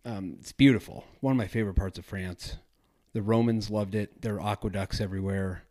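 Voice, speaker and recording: A man's voice: on the low side, fairly even intonation, brisk, a little mellow. A man hosting a travel podcast, chatting casually in a rambling, self-correcting way. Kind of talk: casual solo podcast talk.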